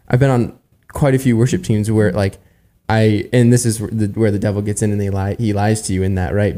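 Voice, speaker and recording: A man's voice: lowish voice, warm tone. A man in his twenties sharing earnestly in a casual church panel discussion, rambling and often checking in with his listeners. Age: 20s. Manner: earnest, rambling, tags lines with "right?". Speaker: church worship musician on panel.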